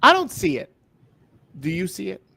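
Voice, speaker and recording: A man co-hosting a casual wrestling chat show, animated and laughing as he tells stories. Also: high voice, moderate pace, gravelly, slightly rough. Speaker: podcast co-host.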